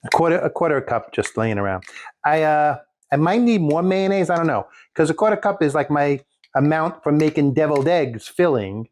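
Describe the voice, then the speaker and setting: A man's voice: on the high side, animated, normal speed, a little mellow. Folksy joking home cook, man. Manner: folksy, joking asides, rambling. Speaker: home cook showing a recipe. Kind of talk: casual cooking demonstration. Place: home kitchen.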